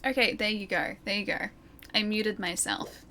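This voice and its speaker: A woman's voice: medium pitch, normal speed, pushed and bright. A young woman streaming a video game, chatting casually with her viewers and giggling between lines. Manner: chatty, giggly, reads chat aloud. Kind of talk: casual gameplay commentary. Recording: game music playing behind. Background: game music.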